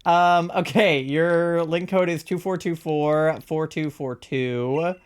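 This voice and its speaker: A young adult from Virginia talks loosely to a live stream audience while playing, drifting from story to story. The speech is peppered with swearing and quick laughs, relaxed and unpolished. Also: mid-range voice, clear, resonant tone. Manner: rambling, profane, laughs often. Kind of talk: casual live-stream chat while gaming.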